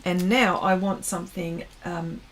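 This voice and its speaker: Slow-talking woman painting on a livestream. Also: on the low side, fairly even intonation, a little hiss or hum. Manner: chatty, reads viewers' comments aloud, trails off mid-sentence while working. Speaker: art livestream host. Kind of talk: casual chat while painting.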